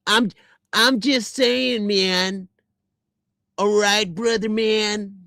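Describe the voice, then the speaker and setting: A man voicing a slow, drawling male conspiracy commenter who ends every phrase with "man" or "brother". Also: high voice, steady tone, gravelly, sharp tone, no room sound, studio quality, heavily acted. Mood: mocking drawl. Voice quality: lazy drawl, 'man' and 'brother' after every phrase.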